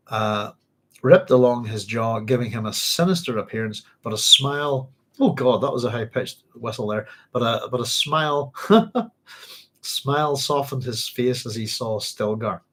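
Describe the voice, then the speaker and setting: A Northern Irish man leads a book club, reading selections out loud and musing on them in a meandering, stop-start way full of ums, restarts and self-corrections, with the odd cough. His mid-range voice sounds a bit bright and slightly rough.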